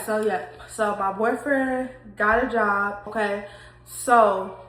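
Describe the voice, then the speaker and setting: A young woman telling a faith testimony to her viewers, emotional and talking straight to them, repeating herself. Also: fairly high pitch. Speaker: vlogger sharing a faith testimony. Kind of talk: casual testimony vlog. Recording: echoey room.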